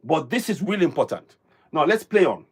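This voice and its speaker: A man's voice: a little high, big pitch swings, brisk, gravelly, husky. A man from Africa hosting a live stream, commenting on a clip in a rambling way with many fillers and restarts. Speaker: livestream host.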